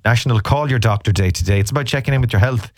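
A man's voice: medium pitch, racing, no echo, clean studio sound. An Irish man hosting a radio show, chatting casually and teasing listeners as he rambles through the day's topics. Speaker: radio host. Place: radio studio.

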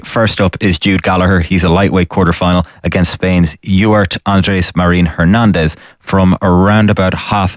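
A man with an Irish accent giving a brisk, matter-of-fact sports news rundown. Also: low-pitched, dry recording, clean studio sound. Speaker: sports reporter.

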